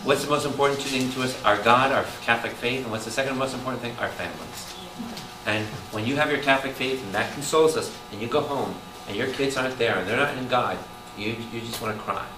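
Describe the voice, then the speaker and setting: Priest preaching in a roomy hall. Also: male voice, mid-range voice, quick pace. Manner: animated, calls out questions to the room. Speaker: priest teaching Bible study. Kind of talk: lively preaching to a congregation. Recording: roomy hall taped from a distance with noise.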